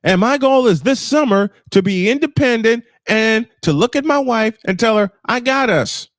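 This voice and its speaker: On a voice-only livestream, a man in his fifties vents his frustration in an angry personal monologue, with swearing outbursts and emphatic repetition. He has a high voice and speaks at a normal speed. The clean studio sound carries no room noise.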